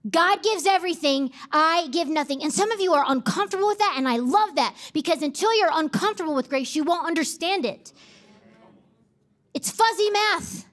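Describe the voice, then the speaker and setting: A woman's voice: very high-pitched, lively intonation, fairly quick. A woman pastor preaching a sermon, emphatic and repeating key phrases for effect.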